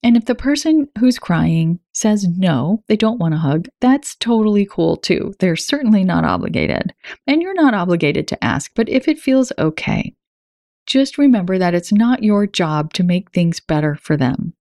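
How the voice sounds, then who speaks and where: A woman in her forties hosting a self-help podcast, talking in a warm, conversational and encouraging way. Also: mid-range voice, big pitch swings, normal speed, no room sound, studio quality. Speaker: podcast host.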